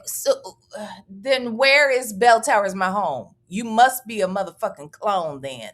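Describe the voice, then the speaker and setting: A woman's voice: mid-range voice, animated, measured pace. A woman hosting a casual livestream, chatty and profane, reading out viewer messages and thanking them. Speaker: livestream host.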